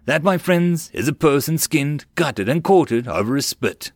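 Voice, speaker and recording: A man's voice: on the high side, lively intonation, moderate pace, no echo, clean studio sound, voice pushed up. A man voicing a tense male squad leader who gives short, hissed orders. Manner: terse, hissing orders.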